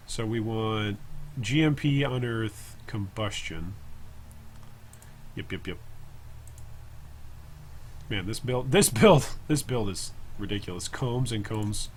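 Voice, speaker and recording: A man's voice: lowish voice, takes it slowly, long pauses, slight background noise. A man streaming a video game, thinking aloud in a casual, chatty way and answering viewers' comments as he plays.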